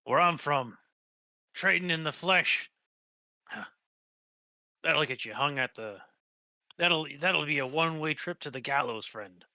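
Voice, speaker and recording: A man's voice: a little high, lively intonation, measured pace, pauses often, sharp tone, dry recording, voice pushed up, full character voice. A man voicing a wary, homesick male sailor who speaks plainly and calls others buddy or friend. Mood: weary. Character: weary homesick male sailor, former crew.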